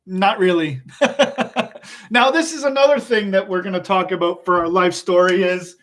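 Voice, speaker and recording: Animated man teaching by storytelling. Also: high voice, normal speed. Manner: animated, laughs often, asks the listeners questions. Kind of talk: storytelling in a public speaking lesson.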